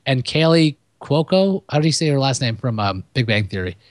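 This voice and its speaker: A man co-hosting a podcast, chatting casually about movies in a rambling, profane, animated way. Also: medium pitch, a little fast, no room sound. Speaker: podcast co-host.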